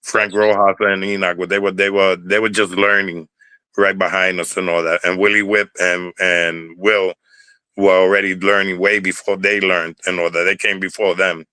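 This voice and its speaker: A man's voice: low voice, flat delivery, moderate pace, sharp tone, smooth, no echo, poor audio. An older man with a New York Puerto Rican accent, telling stories in a rambling interview, repeating words and swearing freely. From Bronx, New York. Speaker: interview guest, former dancer. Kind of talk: casual storytelling interview.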